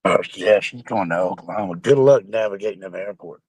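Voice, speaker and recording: A man's voice: lowish voice, fairly quick, darkish tone, slightly rough, no room sound, low-quality recording. A man chatting casually and rambling with his viewers on a live stream, sounding like he has a bad cold. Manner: rambling, salty, joking.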